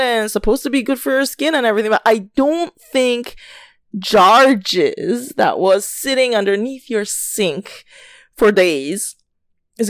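A woman's voice: fairly high pitch, no room sound. Chatty young woman, dry close sound. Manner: chatty, animated, swears freely, laughs often, many fillers. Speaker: podcast host. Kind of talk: casual chat, storytelling rant.

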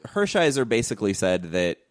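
Deep-voiced guy cohosting a podcast, jokey, laughs a lot, dry mic. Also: brisk, no room sound. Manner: joking, laughs often, animated jumps in pitch. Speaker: podcast co-host. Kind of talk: casual sports chat.

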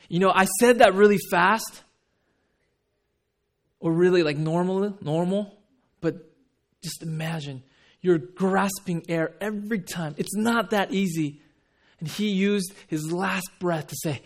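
A man preaching a sermon. He drops to hushed tones and acts out quoted pleas. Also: high-pitched, unhurried. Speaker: pastor.

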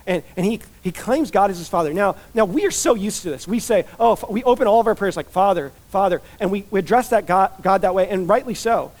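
Higher-pitched man preaching casually. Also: lively intonation, quick pace, few pauses, a little mellow. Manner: casual, chatty delivery with frequent "like" and "you know" asides. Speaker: pastor. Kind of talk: conversational expository sermon.

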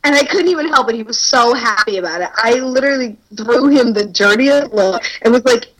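A woman's voice: fairly high pitch, a little fast, a crowd in the background, poor audio. A young woman telling stories in casual chat, crude and self-mocking, laughing often as she talks.

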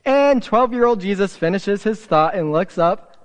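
A man preaching a sermon as a pastor, telling the story in an animated way with playful asides. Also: high-pitched, normal speed. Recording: hall reverb.

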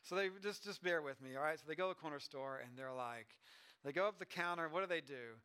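A middle-aged pastor giving a chatty sermon, with asides and restarts. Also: male voice, a little high, quick pace, bright, forceful tone, clean tone. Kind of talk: conversational sermon.

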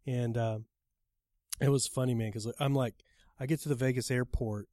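A man telling a story in casual conversation as a podcast guest, swearing freely and shouting out the lines he quotes. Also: medium pitch, moderate pace, no echo, clean studio sound. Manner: animated, profane, shouts when acting out quotes.

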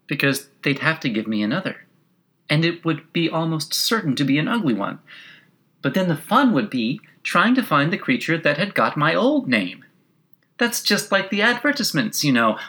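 A man reading aloud, raising his voice to play a curious, polite young girl who asks eager questions. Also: bright, forceful tone. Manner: raised, eager, inquisitive pitch. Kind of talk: audiobook character reading.

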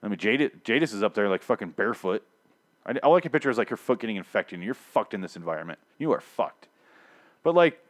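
A man with a somewhat low voice rambles through a casual episode recap. He swears freely, restarts his sentences and gets worked up as he talks. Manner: profane, rambling, animated. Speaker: TV show recapper.

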